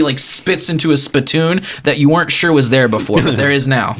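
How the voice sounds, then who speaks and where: A man's voice: fairly high pitch, animated, a little fast, hardly any pauses, pushed and bright. A man narrating as game master in a rambling way, often laughing at his own jokes.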